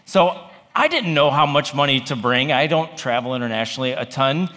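A man's voice: medium pitch, lively intonation, fairly quick, sharp tone. A man, a campus pastor, telling a funny story in a sermon with wry, self-deprecating humor. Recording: long hall reverb.

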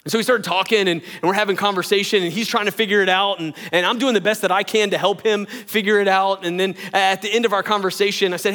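A pastor preaching a sermon in a conversational, animated way, with teasing asides. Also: male voice, high-pitched, fast talker.

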